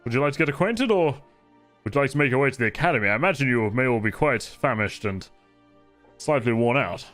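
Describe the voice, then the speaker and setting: A man's voice: medium pitch, expressive, fast, a bit bright, faint music behind, lightly acted. A man playing a cheerful, boastful male marshal in shining plate armor, with a jovial, theatrical, teasing way of talking.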